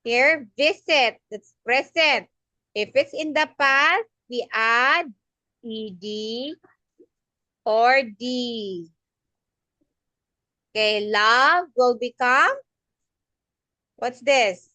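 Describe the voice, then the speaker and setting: A woman tutoring a young learner in English grammar, speaking slowly and patiently and repeating words for the child to copy. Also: a little high, sharp tone, no echo. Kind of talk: online one-on-one grammar lesson.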